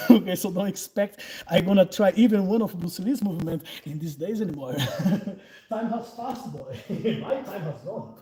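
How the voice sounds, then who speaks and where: Chatting informally about self-defense during a live Q&A and instruction session, a man in his forties from Brazil laughs often and speaks English as a second language with a Brazilian Portuguese accent. His high voice is mellow at a normal speed, and the recording is rough.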